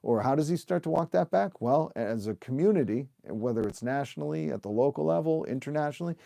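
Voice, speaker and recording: A man's voice: mid-range voice, animated, brisk, creaky, mellow, dry recording, studio quality. Fired-up man ranting to his stream. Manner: fired-up, emphatic, rhetorical questions, occasional swearing. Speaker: livestream host and union organizer. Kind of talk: impassioned livestream rant to viewers.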